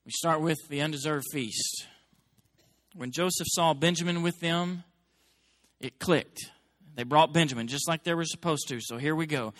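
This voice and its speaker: Man, pastor, sermon, emphatic, high voice, dry close sound. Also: moderate pace, no room sound. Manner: animated preaching, rising to emphatic peaks.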